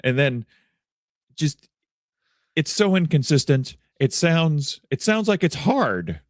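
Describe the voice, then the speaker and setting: A man co-hosting a podcast in casual chat, animated and laughing easily. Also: on the high side, takes it slowly, no room sound, clean studio sound. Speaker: podcast co-host.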